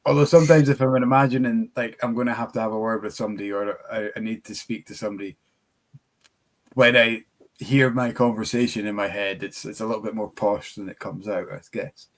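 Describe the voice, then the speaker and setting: A man's voice: fairly low pitch, steady tone, brisk. A man co-hosting a casual whisky chat, rambling with hesitant restarts and dry humour. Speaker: whisky shop co-host.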